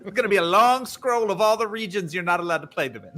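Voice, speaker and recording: A man's voice: sits high, expressive, quick pace, sharp tone, soft background music. A man co-hosting a livestream, joking around and talking in a put-on transatlantic accent. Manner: jokey, theatrical, quips. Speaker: co-host. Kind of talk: casual livestream chat.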